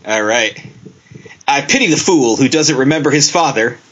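A man hosting a casual podcast, reading out listener entries in a deadpan way and laughing often. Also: medium pitch, moderate pace. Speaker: podcast host. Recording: dull lo-fi sound.

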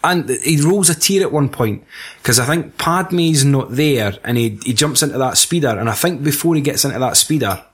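A man's voice: medium pitch, expressive, normal speed, a bit bright, slightly rough. A man in casual chat about a film, rambling and stop-start, swearing and breaking into mocking voices.

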